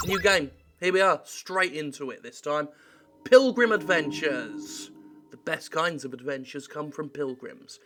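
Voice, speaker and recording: A man's voice: on the high side, measured pace, bright, forceful tone, soft background music, poor audio. A man giving sardonic, theatrical commentary over a game he is playing. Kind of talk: let's play commentary.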